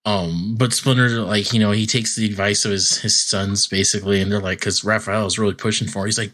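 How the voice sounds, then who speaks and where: A man's voice: fairly low pitch, steady tone, a little fast, hardly any pauses, a bit bright. A man co-hosting a podcast, casually recapping a cartoon episode in a rambling way full of "like" fillers. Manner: rambling storytelling, many "like" fillers, acting out quotes. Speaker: podcast co-host.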